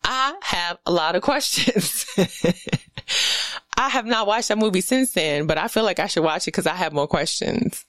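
Solo podcast host: woman from back east, low-pitched, dry close sound, animated and profane, sarcastic riffs. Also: normal speed, no echo. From US East Coast. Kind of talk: casual solo podcast monologue.

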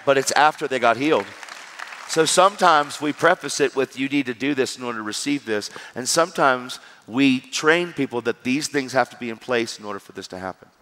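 A man's voice: mid-range voice, a little fast. A man preaches to an audience, animatedly telling stories and acting out the people in them. His voice rings with a long hall reverb, with a faint crowd in the background. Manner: animated storytelling, acting out dialogue. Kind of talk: sermon.

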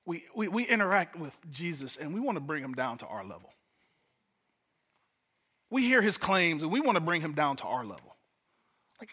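A man's voice: a little high, very animated, normal speed, pauses often, pushed and bright, breathy edge. A man from Detroit preaching a sermon as a guest pastor, in a conversational way, often repeating words as he starts a thought. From Detroit, USA.

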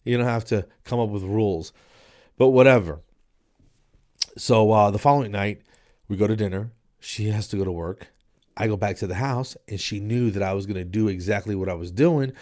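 Lowish and darkish in tone, this man hosts his own podcast as a casual solo chat from a downstairs spare room. He rambles, cracks jokes, and fills his speech with fillers, his voice a little nasal and stuffed up from allergies.

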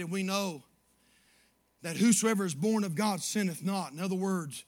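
A man preaching a sermon as pastor, moving from quiet storytelling to shouted praise. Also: sits high.

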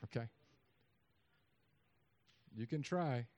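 Male preacher, mid-range voice, sermon delivery that is animated and casual, with loud emphatic peaks and dry quiet asides. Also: mid-range voice, drawn-out words, highs cut off. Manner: conversational and joking.

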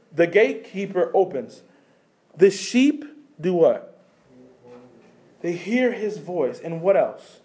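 A man preaching a sermon as pastor, animated, asking the congregation questions and swinging between loud emphasis and quiet asides. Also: high-pitched.

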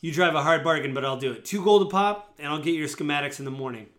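A man's voice: a little high, fast talker, a bit bright, close to an everyday voice. Man doing a grumpy dwarf craftsman. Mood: bargaining. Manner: blunt, scolding, grumbling. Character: grumpy male dwarf mapmaker, gruff and impatient.

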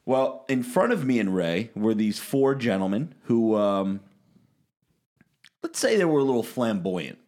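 A man's voice: medium pitch, unhurried. Man telling a rambling podcast story. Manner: animated, rambling storyteller who acts out quotes. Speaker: podcast host.

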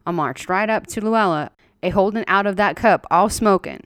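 A woman storyteller gives a dramatic reading of a horror story in rural dialect, telling it in a blunt, indignant, folksy manner. Her mid-range voice moves at a moderate pace, recorded with clean studio sound and no room sound.

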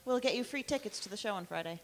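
A woman's voice: medium pitch, animated, rapid-fire, crowd noise. A woman playing a tabletop game in a playful, eager way. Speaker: player. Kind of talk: casual tabletop game play.

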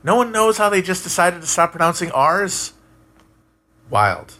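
A man's voice: sits high, big pitch swings, unhurried, bright, forceful tone. Rambling man chatting on stream. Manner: rambling, musing, profane, many restarts. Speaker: streamer answering chat. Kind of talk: casual live-stream chat.

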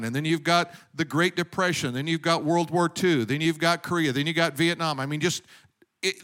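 A man's voice: fairly high pitch, a bit bright. A man preaching a sermon in a conversational way, rising with emphasis on key points. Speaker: pastor.

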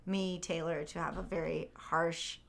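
A woman's voice: on the low side, measured pace, creaky, slight background noise. A woman co-hosting a podcast, chatting casually about a movie and acting out scenes as she retells them. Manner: animated, re-enacts scenes with put-on quotes. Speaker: podcast co-host. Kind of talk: casual movie review chat.

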